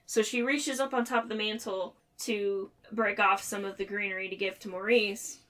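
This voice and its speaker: Podcast co-host, young adult woman, crisp and bright tone, animated storyteller who voices the characters. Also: medium pitch, normal speed, hardly any pauses. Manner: animated retelling, quotes characters in playful voices. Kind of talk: casual book discussion.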